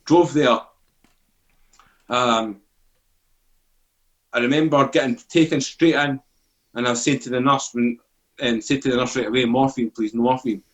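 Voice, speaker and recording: Speaking at a measured pace with frequent pauses, this mid-range male voice belongs to a Scottish podcast guest in his forties. He swears freely, stays animated, and performs the quoted dialogue as he tells his story.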